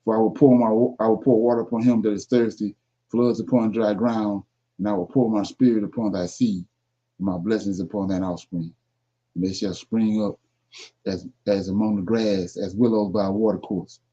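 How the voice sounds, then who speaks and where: A man's voice: fairly low pitch, steady tone, normal speed, warm tone, breathy edge. A man teaching a Bible class, reading scripture aloud and stopping to explain the verses. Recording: dull lo-fi sound.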